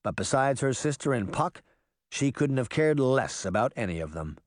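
A man narrating an audiobook with expressive storytelling. His pitch moves a lot while staying at a middle height. The recording is dry and close, with no room sound. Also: normal speed, no room sound.

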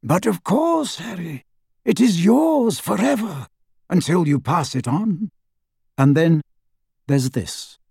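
A man voicing a kindly elderly male wizard headmaster in a high, airy, gentle voice, slow and approving, in an audiobook. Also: very animated, vocal fry, husky, no echo, clean studio sound, heavily acted. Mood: gently proud. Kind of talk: audiobook character voice.

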